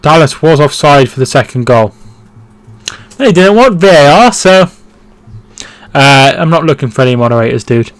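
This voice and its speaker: A man hosts a casual live football watchalong, answering viewers and calling the action as it happens. His voice sits a little high, and the sound is dry and close with no room around it. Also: expressive, moderate pace, no room sound. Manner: chatty, reads out viewer comments and reacts to play. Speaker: football stream host.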